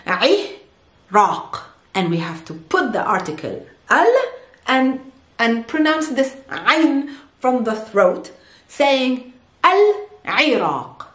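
A woman from Palestine, a native Arabic speaker, teaching an Arabic lesson and repeating words slowly for pronunciation. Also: on the high side, reverberant. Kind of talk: video language lesson.

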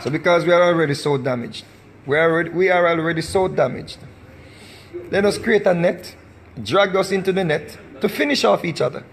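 A man's voice: high-pitched, fairly quick, a little hiss or hum. Impassioned Jamaican man ranting. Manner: emphatic, repetitive, preaching. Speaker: recording artist. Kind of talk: impassioned vlog rant.

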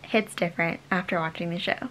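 A young woman talking casually in a reading vlog, gushing like an excited fan. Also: on the low side, fairly quick, very noisy. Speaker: book vlogger.

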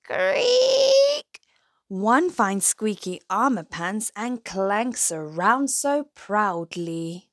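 A woman reading a rhyming children's picture book aloud in a slow, rhythmic way. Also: medium pitch, animated, a bit bright, no room sound, clean studio sound. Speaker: storyteller.

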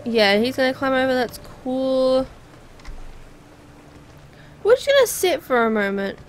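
A woman's voice: sits high, sing-song, unhurried, slight background noise. A woman giving casual, rambling let's play commentary, chatting to herself as she plays.

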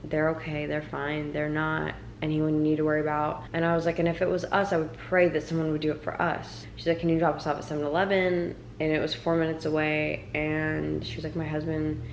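A woman's voice: sits low, flat delivery, fairly quick, few pauses, roomy sound, slight background noise, poor audio. A young woman vlogging, retelling her story with many fillers. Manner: quiet, subdued retelling. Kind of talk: storytime vlog.

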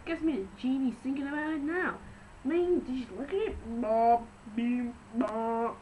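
A woman hosting a casual video show, giving wry, deadpan remarks between clips. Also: sits high, a little fast, slight background noise, low-quality recording. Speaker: video host.

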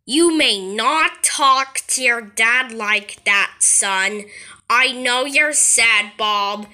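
A woman voicing a stern father who scolds his son and calms him down. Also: a little high, drawn-out words, a little hiss or hum, voice pushed down, exaggerated voice. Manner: firm, scolding.

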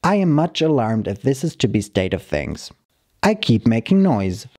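Mellow-voiced man reading a story aloud. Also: mid-range voice. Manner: calm, measured reading of a dog's broken-English narration. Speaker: story reader.

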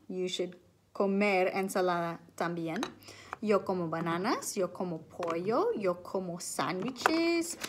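A woman teaching children, speaking patiently and pausing so they can repeat each word after her. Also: mid-range voice. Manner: slow, patient, drills words and waits for repeats. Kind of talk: recorded classroom lesson, call and repeat.

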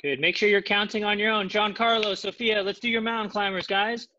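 Bright-voiced man cheering on students. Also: high voice, brisk, slight background noise. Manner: encouraging, calling out students. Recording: dull lo-fi video-call audio.

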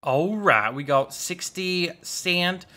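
A young man giving casual, goofy let's-play commentary, chatting excitedly with his viewers. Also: high voice, slow pace. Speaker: gaming YouTuber.

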